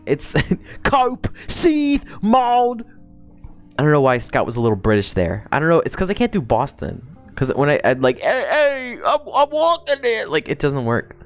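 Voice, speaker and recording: A young adult woman chatting casually on a livestream, rambling and swearing freely, with faint music behind her. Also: very deep voice. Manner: rambling, profane, quick to laugh. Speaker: streamer.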